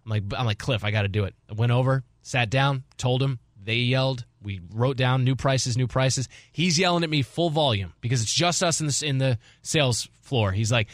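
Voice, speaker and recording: A man's voice: mid-range voice, moderate pace, few pauses, dry recording. A man in his forties, a sports radio host, telling a long story in casual chat and acting out the people in it. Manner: animated storyteller, acting out quotes. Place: radio studio. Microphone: studio mic.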